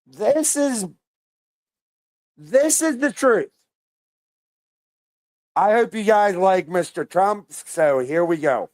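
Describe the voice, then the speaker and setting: A woman's voice: mid-range voice, animated, takes it slowly, pauses often, darkish tone. A woman hosting a reaction video, talking in a blunt, rambling, slangy way. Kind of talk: casual reaction commentary.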